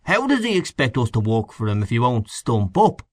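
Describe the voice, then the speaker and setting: A man's voice: mid-range voice, big pitch swings, moderate pace, no room sound, studio quality. A man doing a weary, doubtful canvasser. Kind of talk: audiobook character voice.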